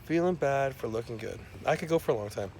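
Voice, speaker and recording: A man's voice: mid-range voice, animated, fast talker, darkish tone, slight background noise. A man delivering a profane, rambling comic rant full of fillers and restarts. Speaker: self-described scientist.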